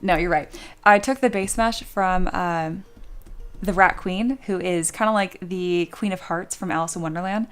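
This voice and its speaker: A woman's voice: lowish voice, moderate pace, clear, resonant tone. A woman streaming a 3D sculpting tutorial in a chatty, joking way, explaining her steps and answering viewers. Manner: chatty, jokey, reads chat aloud. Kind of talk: live-stream tutorial chat.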